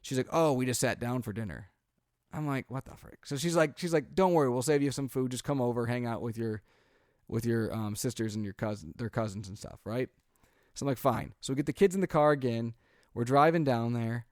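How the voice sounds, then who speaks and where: A medium-pitched man in his thirties speaks a little fast while co-hosting a podcast, where as a dad he tells a long family story casually. He animates the quotes and sprinkles in "like" and "um" a lot. The recording is studio quality, free of echo.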